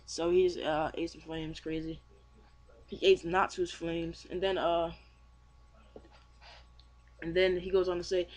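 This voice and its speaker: A man's voice: a little high, little pitch movement, slow, pauses often. A young man casually reviewing a manga chapter, rambling with many fillers and restarts. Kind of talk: casual chat.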